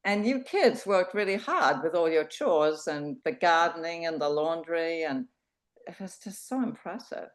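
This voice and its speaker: A woman's voice: on the low side, lively intonation, measured pace. A woman hosting a storytelling evening, effusive in her praise of the teller. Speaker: event host. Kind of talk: warm thanks after a story.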